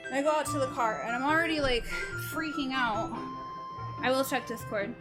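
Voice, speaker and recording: A woman's voice: sits high, moderate pace. Young woman swearing casually over music. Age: early 20s. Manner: rambling storyteller, swears freely. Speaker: streamer. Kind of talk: casual live-stream chat. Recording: voice over loud background music. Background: music playing under the talk.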